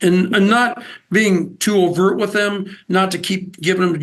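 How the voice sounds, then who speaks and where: Gravelly high-voiced man, chatty guest. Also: takes it slowly. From Nebraska. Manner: animated, with many restarts and repeated words. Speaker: interview guest, outdoors TV host. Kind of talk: casual storytelling chat.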